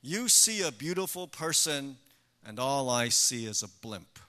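A man's voice: mid-range voice, very animated, unhurried, pushed and bright. A male preacher voicing a blunt, scornful working-class TV dad in an exasperated, sneering tone.

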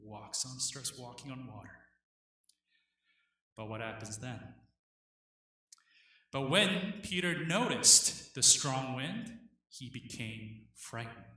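A man, the pastor, preaching an earnest sermon with dramatic pauses. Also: fairly high pitch, bright, forceful tone, heavy reverb, distant mic.

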